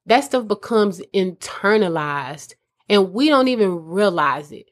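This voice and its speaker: A woman's voice: medium pitch, expressive, unhurried. Earnest woman giving casual advice. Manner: earnest, conversational, addresses listeners as mamas. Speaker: host addressing mothers.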